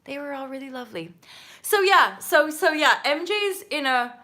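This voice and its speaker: A woman hosting her own channel, telling a story in a casual, animated monologue, full of asides and freely swearing. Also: sits high, normal speed. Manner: chatty, with many fillers and asides. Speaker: channel host.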